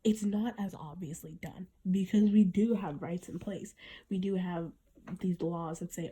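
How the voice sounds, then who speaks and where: Husky, mellow-voiced woman podcasting. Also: fairly low pitch, steady tone, a little slow. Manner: earnest, reflective, many restarts. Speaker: podcast host. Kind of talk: casual podcast monologue.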